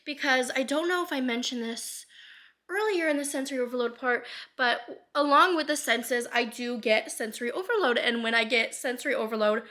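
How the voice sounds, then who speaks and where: A woman in her twenties talking candidly in a personal vlog, rambling with lots of fillers, casual swearing and speed that shifts between fast and slow. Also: a little high, bright, forceful tone. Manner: rambling with many fillers and frequent laughs. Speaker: vlogger.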